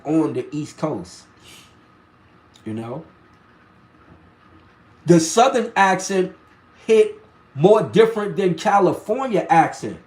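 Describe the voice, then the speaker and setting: A man in his forties with a New York accent, chatting casually with viewers and telling rambling stories full of restarts and slang. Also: fairly high pitch. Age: 40s. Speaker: live stream host reading chat. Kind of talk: casual live chat.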